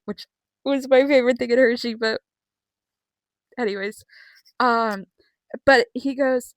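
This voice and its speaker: A girl rambling through an excited, sweary recap vlog with many fillers. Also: fairly high pitch, a little slow, pauses often, no echo. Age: young. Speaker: vlogger.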